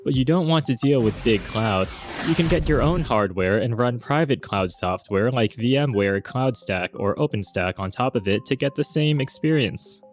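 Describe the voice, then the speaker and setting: A man reading scripted explainer narration in an even, informative way. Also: medium pitch, moderate pace. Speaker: narrator of a reviewed video.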